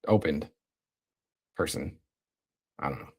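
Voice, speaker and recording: A young man hosting a casual livestream, talking in a laid-back, slang-heavy way while reading and shouting out his chat. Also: fairly low pitch, huge pitch swings, measured pace, breathy edge. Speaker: livestream host.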